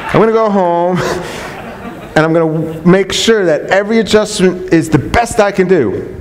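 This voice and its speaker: A man's voice: high-pitched, a little slow, some chatter behind, a little hiss or hum. Earnest man speaking in a reverberant hall. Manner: earnest, repetitive, enthusiastic preaching tone with restarts. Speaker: chiropractor speaking to colleagues. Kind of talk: unscripted talk to a live audience.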